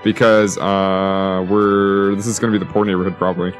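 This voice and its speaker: A man's voice: low-pitched, level tone, normal speed, soft background music. A man giving casual, rambling let's-play commentary, joking and talking to himself as he builds. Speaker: gaming YouTuber.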